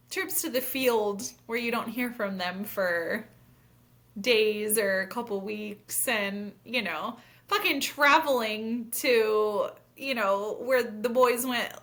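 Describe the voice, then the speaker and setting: A woman's voice: a little high, takes it slowly, pushed and bright. A woman co-hosting a podcast in casual chat. She talks frankly, swears casually and uses lots of fillers. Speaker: podcast co-host.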